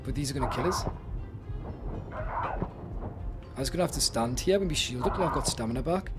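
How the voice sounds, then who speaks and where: A young man giving live commentary while he plays a video game, excitable and talking to himself. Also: mid-range voice, normal speed. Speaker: streamer. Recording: game music in the background. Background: game music.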